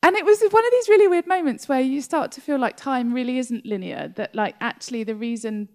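English lady author chatting at a library talk, lively, gravelly fry in her voice. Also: sits high, a little fast. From England. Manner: animated, laughing storyteller. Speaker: author guest. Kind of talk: interview conversation.

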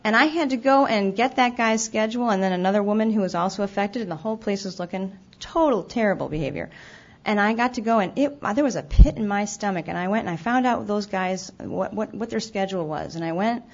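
A woman's voice: medium pitch, a little fast, few pauses. A woman giving a candid, self-deprecating recovery talk, stumbling over restarts now and then. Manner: acts out her own past remarks. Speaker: speaker sharing her recovery story. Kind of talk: personal testimony talk. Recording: dull lo-fi event recording.

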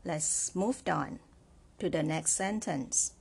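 A woman's voice: low-pitched, takes it slowly, creaky, darkish tone, breathy edge. A woman teaching a Chinese language lesson, explaining step by step, repeating example phrases and often checking in with "right?". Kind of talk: slow, patient spoken lesson.

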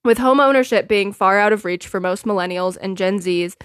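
A woman's voice: mid-range voice, a little fast, clear, resonant tone, no echo, studio quality. A woman hosting her own podcast in casual solo chat, blunt and opinionated, laughing often and swearing freely. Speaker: podcast host.

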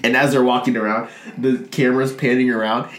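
A man's voice: medium pitch, little pitch movement, a little fast, a bit bright, roomy sound. A man co-hosting a podcast, chatting casually and rambling with lots of fillers and laughter. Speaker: podcast co-host. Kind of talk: casual chat about a cartoon movie.

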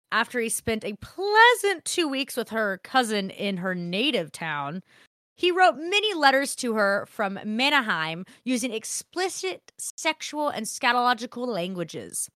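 A woman co-hosting a casual podcast, reading history aloud with animated, profane, laughing banter. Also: a little high, dry recording, studio quality. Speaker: podcast co-host.

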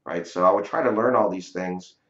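In a dull, lo-fi recording made in a roomy space, a real estate investor guest tells a story during a casual interview. His low-pitched voice moves fairly quickly, and he talks conversationally, often saying "you know" and "right?"

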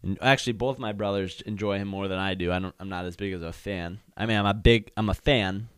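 A man's voice: on the low side, steady tone, fast, a bit bright, smooth, no echo, studio quality. A young man hosting a podcast, chatting casually and candidly on his own, rambling with lots of fillers. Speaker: podcast host. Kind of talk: casual solo chat.

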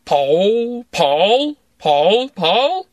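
A man voicing a clownish, boastful tycoon who speaks slow, showy broken English. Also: high-pitched, sing-song, no room sound, clean studio sound, pitched above the performer's own voice, exaggerated voice. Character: swaggering Russian male tycoon, clownish and boastful.

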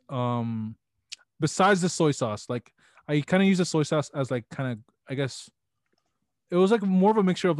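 A man's voice: medium pitch, a little mellow, no echo, studio quality. A young man hosting a casual podcast chat, slangy and full of swearing, often restarting his sentences. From Filipino family background. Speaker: podcast host.

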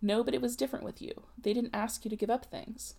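A woman's voice: a little high, steady tone, fast talker, creaky, warm tone. A woman reading a novel aloud, voicing a defiant, distraught young unmarried woman who pleads in anguish. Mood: weary.

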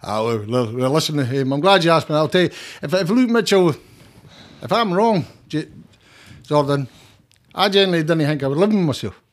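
A man's voice: on the high side, lively intonation, moderate pace. Heated, sweary Scottish man. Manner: emphatic, heated and sweary, with frequent restarts. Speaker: guest. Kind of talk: casual interview chat.

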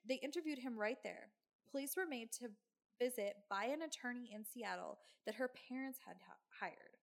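A woman with a fairly high, gravelly voice, telling a true crime case to her co-host in a loose, chatty way. She drops sarcastic, swearing asides as she goes. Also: animated, moderate pace. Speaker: podcast host. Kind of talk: true crime storytelling chat.

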